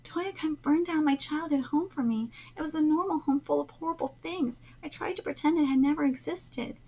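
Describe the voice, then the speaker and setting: A woman's voice: high voice, normal speed, dark tone, muffled recording. A woman voicing an obsessive young female villain, reading manga dialogue aloud in a plain, slightly hesitant way. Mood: subdued.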